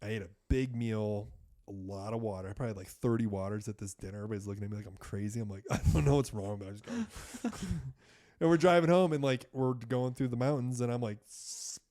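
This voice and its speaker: A fast-talking American man in his thirties with a lowish voice appears as a podcast guest, telling a story in casual chat. He's animated and profane, doing the doctors' voices when he quotes them.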